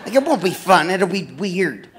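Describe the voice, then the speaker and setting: A man's voice: high voice, sing-song, moderate pace, very noisy. A man doing a stand-up comedy set in a club, rambling and self-deprecating, full of fillers and restarts.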